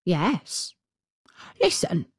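A woman voicing a thoughtful, slow-spoken talking crow in a storybook reading, speaking in a deliberate way. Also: lowish voice, huge pitch swings, breathy edge, no room sound, studio quality, full character voice.

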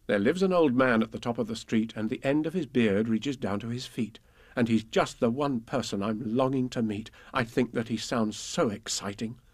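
A man reading children's poems and stories aloud in a gentle, expressive way. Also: medium pitch, moderate pace.

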